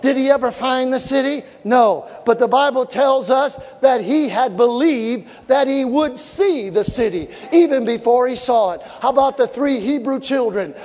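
A man preaching a sermon with fervent shouting and call-and-response to the congregation, recorded in a large church hall. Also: extremely high pitch. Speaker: pastor. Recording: echoey hall with live congregation.

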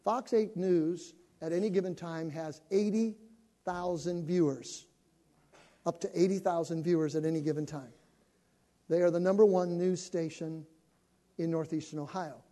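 An older male pastor making an animated appeal to his congregation, building up to shouting. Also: fairly high pitch, moderate pace. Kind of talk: sermon announcement to a congregation. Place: church sanctuary. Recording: long reverb of a church hall.

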